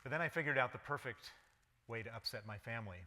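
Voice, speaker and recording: A man's voice: medium pitch, fast talker, pushed and bright. A man in his fifties with an American accent, telling his story in a public lecture with a wry tone and many ums. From United States. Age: 50s. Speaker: guest lecturer. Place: lecture hall. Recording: reverberant lecture hall.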